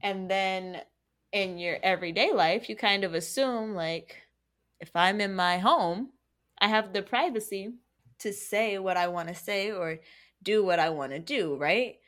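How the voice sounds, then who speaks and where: A woman co-hosting a podcast in casual chat, animated and joking, often checking in with "right?". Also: mid-range voice, unhurried. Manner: animated and joking, with many tag questions. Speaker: podcast co-host.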